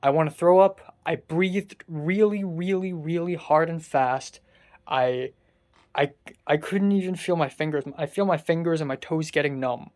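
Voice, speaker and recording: A young adult vlogger, pouring out an exasperated, sarcastic rant full of swearing. The voice sits at an ordinary middle pitch and sounds distressed and worn down. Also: a little slow, a little mellow. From Hong Kong. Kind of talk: casual confessional vlog rant.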